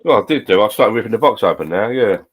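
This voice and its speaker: A man's voice: lowish voice, lively intonation, quick pace, slightly rough. A man hosting a casual live stream chat, jokey and greeting viewers by name.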